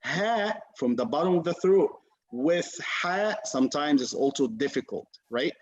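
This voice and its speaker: Patient male teacher, slightly high voice, muffled video call sound. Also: animated, unhurried. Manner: patient, encouraging, demonstrates sounds. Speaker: Quran recitation teacher. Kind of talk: online class teaching.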